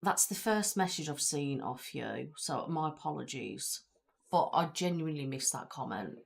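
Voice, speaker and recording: A woman's voice: low-pitched, lively intonation, moderate pace, vocal fry. A woman with a British accent, hosting a casual live-stream chat, rambling and reading viewer comments aloud from her chair at home. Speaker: ASMR channel host.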